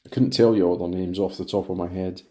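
A man's voice: sits low, steady tone, quick pace, warm tone, close to an everyday voice. A man reading the part of a cocky, evasive male suspect being questioned.

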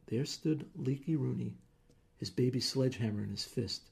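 A man reading a short story aloud in measured, plain narration. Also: mid-range voice, gravelly, a little mellow, husky.

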